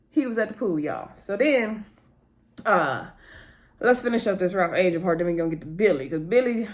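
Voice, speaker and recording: A woman chatting casually to viewers, retelling scenes and talking straight to her audience. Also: mid-range voice. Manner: chatty, addresses viewers as y'all, retells dialogue. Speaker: TV episode recap host. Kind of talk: casual recap talk.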